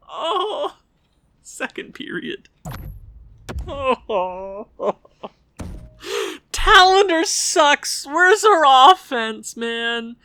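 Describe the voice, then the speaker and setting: A man commentating his own hockey video game session, swinging into frustrated yelling at his goalie. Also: very high-pitched, dry recording. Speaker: gaming YouTuber.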